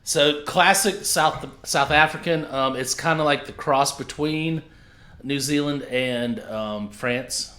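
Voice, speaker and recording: Man, bright voice, casual wine tasting talk, chatty, echoey room. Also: on the high side, slow. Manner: chatty, laughs a lot, describes tasting notes. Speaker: wine reviewer host.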